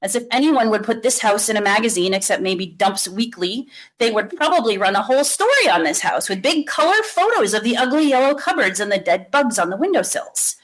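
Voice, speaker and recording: A woman reading a children's book aloud to an audience, with lively, expressive storytelling. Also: fairly high pitch, a little fast, hardly any pauses, low-quality recording. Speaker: author reading.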